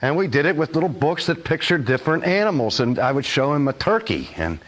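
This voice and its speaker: Older man, lecture, lively swooping pitch, slightly high voice, animated, acts out examples. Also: a little fast. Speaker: teacher. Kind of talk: recorded lecture.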